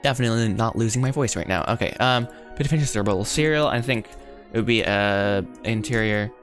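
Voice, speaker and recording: A man livestreaming as he rewrites his animated film script, thinking aloud in a rambling, self-deprecating way that easily goes off track. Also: fairly low pitch, brisk, faint music behind. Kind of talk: casual live-stream thinking aloud.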